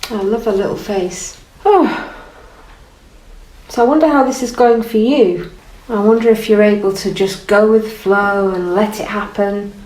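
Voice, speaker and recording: A woman gently guiding an art lesson while she paints, encouraging and thinking aloud. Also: medium pitch, a little slow. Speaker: art teacher. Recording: roomy, from off the mic, faint noise.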